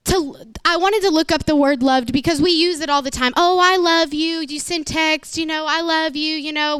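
A woman's voice: high voice, a bit bright, no room sound, clean studio sound. A woman pastor, preaching an emotional, emphatic sermon.

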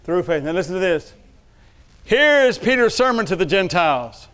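A pastor preaching a lively sermon to his church, dropping to quiet asides and then calling out loud. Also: high voice, moderate pace, clear, resonant tone. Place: church sanctuary.

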